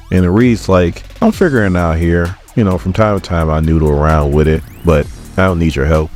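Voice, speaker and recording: A man's voice: low-pitched, expressive, a little fast, hardly any pauses, darkish tone, faint music behind. A man giving a laid-back comic book recap, retelling the story and acting out the characters' lines as he goes.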